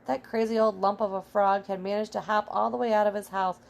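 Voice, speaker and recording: A plucky pet hamster tells his own adventure in an earnest, excitable way, voiced by a woman. The pitch stays fairly flat and even, with a gravelly edge to the voice. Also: brisk, lightly acted. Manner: earnest, excitable first-person storytelling. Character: small brave pet hamster, male.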